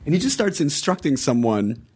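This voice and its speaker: A man in his forties telling stories in a casual podcast chat, acting out quoted lines with raised pitch and laughter. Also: big pitch swings, normal speed, a little mellow, husky. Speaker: podcast guest, actor.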